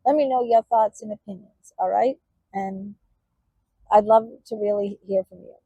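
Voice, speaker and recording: A woman vlogger talking personally to her viewers, halting and emotional, with many fillers and restarts. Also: mid-range voice, dark tone, slightly rough, no room sound, dull audio. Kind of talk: personal talk to camera.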